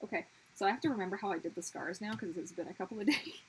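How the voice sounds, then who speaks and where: This young livestream host and artist rambles through casual chat while drawing, cutting herself off with abrupt exclamations. She speaks in a mid-range, expressive voice at a rapid-fire clip. There is a little hiss or hum, and the audio quality is poor.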